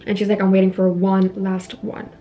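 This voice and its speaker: A woman's voice: mid-range voice, monotone, normal speed, dull audio, faint music behind. A young woman vlogger casually retelling a horror movie's scenes, chatting and acting out quoted lines as she does her makeup. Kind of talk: casual movie recap while doing makeup.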